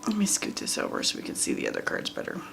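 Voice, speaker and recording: A woman's voice: quick pace, noisy background. A woman reading tarot cards for viewers in a casual, chatty way, talking straight to them and laughing often. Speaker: tarot reader.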